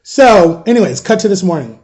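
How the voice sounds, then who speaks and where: A man's voice: sits high, big pitch swings, fairly quick, a little mellow. A man in his thirties telling a personal story in a casual storytime vlog, animatedly retelling a conversation and quoting both sides of it.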